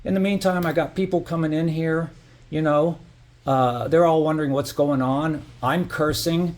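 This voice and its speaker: A man's voice: a little high, fairly even intonation, moderate pace, darkish tone. A middle-aged man telling a story in a casual vlog, heated and profane, full of "you know" fillers. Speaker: building resident narrating security footage.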